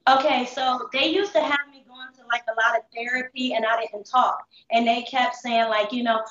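A young woman with a high voice tells her story candidly in street slang, stopping and restarting as she holds back tears. She sounds a little far from the mic, in a roomy space with a dull sound. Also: steady tone, brisk, few pauses, sharp tone. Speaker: interview guest. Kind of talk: emotional personal testimony.

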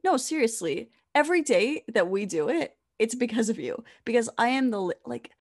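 A young woman co-hosting a podcast in casual chat, animated, full of fillers and restarts, acting out quoted voices. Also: fairly high pitch, normal speed, no room sound, clean studio sound. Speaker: podcast co-host.

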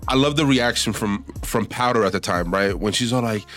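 A man co-hosting a podcast in casual chat, excitable and swearing a lot. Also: on the low side, a little fast, soft background music. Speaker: podcast co-host.

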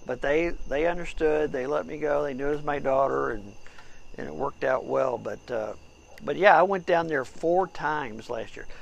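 A man's voice: a little high, normal speed, gravelly, lo-fi sound, a little hiss or hum. A middle-aged man co-hosting a casual outdoor chat show, telling rambling stories full of restarts. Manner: rambling storyteller with frequent restarts. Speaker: podcast co-host. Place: outdoors at night by a fire.

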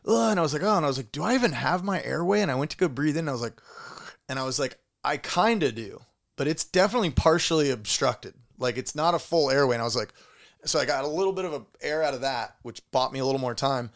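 A man's voice: medium pitch, fast. A man tells a story in loose, casual chat, cursing freely. His voice sits in an ordinary middle register, and he acts out his own lines and groans along the way. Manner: animated storytelling with swearing and acted-out noises.

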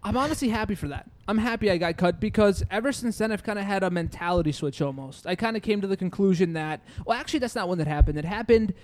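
A young man with a high voice tells a story among friends. He is animated and acts out quotes, laughing often as he talks. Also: quick pace, few pauses, slight background noise. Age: young adult. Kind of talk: casual chat among friends.

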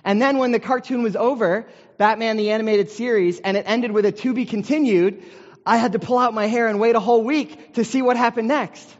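American pastor preaching in a hall. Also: male voice, extremely high pitch, steady tone, brisk. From United States. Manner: conversational storytelling with self-deprecating humor. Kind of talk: sermon. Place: large meeting hall. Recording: dull sound with long hall reverb.

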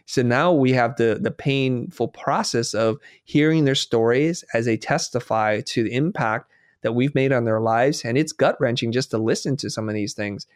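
Animated male storyteller, dry close sound. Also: mid-range voice, moderate pace, no echo. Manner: animated storyteller, acts out dialogue. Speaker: guest. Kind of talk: casual conversation.

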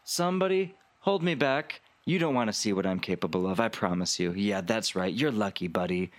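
A man's voice: on the low side, lively intonation, a little fast, close to an everyday voice. A man voicing Veronica, a woman who boasts and then panics. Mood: boastful. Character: Veronica, a woman acting strangely lazy.

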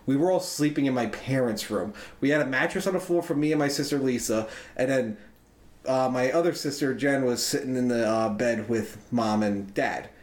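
A man's voice: mid-range voice, moderate pace. A man telling a long, rambling story to friends in casual chat, swearing freely and loosely. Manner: profane, rambling, loose and chatty. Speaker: podcast co-host. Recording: roomy echo.

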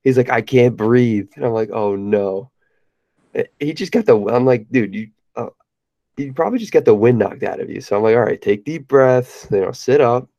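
A young man leans into a rambling story for his podcast co-hosts, full of "like" and easy laughter. His voice is dark and mellow, and the mic sounds dry and a little muffled. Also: medium pitch, lively intonation, a little fast, vocal fry, no echo. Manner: laid-back storyteller, laughs often, many fillers. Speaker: podcast co-host. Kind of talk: casual chat.

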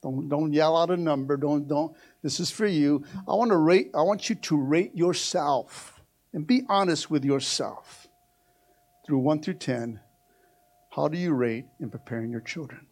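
A middle-aged male pastor preaching a sermon to his church, swinging from shouted exhortation to a quiet, close tone. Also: on the high side, measured pace. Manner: preaching with rising shouts, then dropping to a hushed, intimate tone. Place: church sanctuary.

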